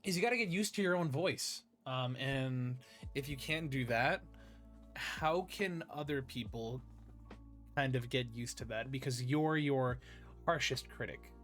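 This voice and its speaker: A man's voice: medium pitch, a little slow, soft background music. A man hosting a casual interview, telling stories with animation and humming bits of songs, with a slight lisp and a tired voice. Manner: animated storyteller, hums song snippets. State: tired, strained voice. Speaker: podcast host and voice actor.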